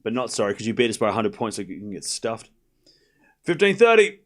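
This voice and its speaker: An Australian man streaming live tennis play-by-play, trading quick, jokey back-and-forth with his chat. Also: lowish voice, steady tone. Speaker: streamer calling a tennis match.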